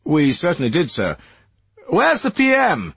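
A man's voice: low-pitched, wildly swooping pitch, normal speed, husky, no echo, muffled recording, exaggerated voice. A man voicing a tense male civil servant who speaks in a clipped, restrained way. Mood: strained.

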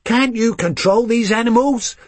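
A man's voice: very high-pitched, moderate pace, dry recording, pitched above the performer's own voice. A man voicing an indignant young female backpacker, challenging and outspoken.

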